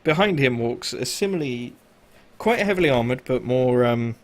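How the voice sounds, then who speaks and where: A man's voice: mid-range voice, lively intonation, normal speed. Man, game master, casual narration, filler-heavy, mid-range voice.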